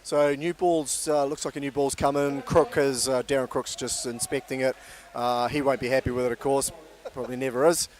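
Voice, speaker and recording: A man giving live cricket commentary in a relaxed, measured, chatty way. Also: medium pitch.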